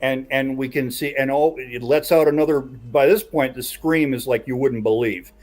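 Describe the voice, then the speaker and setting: A man's voice: medium pitch, steady tone, moderate pace, a little mellow. A man hosting a casual podcast chat who builds suspense as he tells a story. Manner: builds suspense while recounting a tale.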